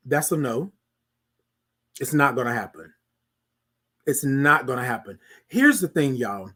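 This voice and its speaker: With a medium-pitched voice, unhurried and often pausing, a man hosts a casual monologue podcast. He preaches to listeners animatedly and asks them "y'all feel me."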